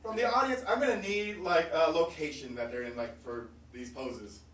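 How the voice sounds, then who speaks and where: A man's voice: fairly high pitch, normal speed, fairly bright tone. A man hosting a live improv comedy show, playful and explaining the game with many fillers. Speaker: improv host. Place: small theater stage. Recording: echoey stage room, mic from far off, faint noise.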